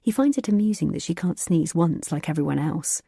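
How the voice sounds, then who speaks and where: A woman narrating a thriller audiobook in a measured, even storytelling manner. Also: low-pitched, vocal fry, slightly rough, no echo, clean studio sound.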